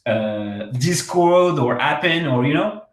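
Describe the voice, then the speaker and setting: Man coaching startup pitches, roomy echo. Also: expressive, slow. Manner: frequent fillers and restarts, direct advice. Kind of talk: workshop talk.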